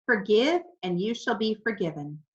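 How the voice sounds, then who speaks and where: A woman doing a kindly, measured pastor. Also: mid-range voice, sing-song, close to an everyday voice. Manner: warm, measured preaching tone. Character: kindly, composed middle-aged male pastor. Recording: slightly dull lo-fi recording.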